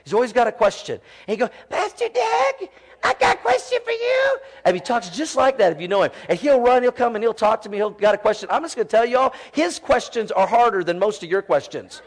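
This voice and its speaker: A pastor in his forties preaching to his congregation, telling warm family stories in a folksy, animated way. His voice sits high for a man, and he leans on casual fillers as he talks. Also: fast talker, few pauses. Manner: animated, folksy storytelling with many "you know" fillers. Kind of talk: sermon.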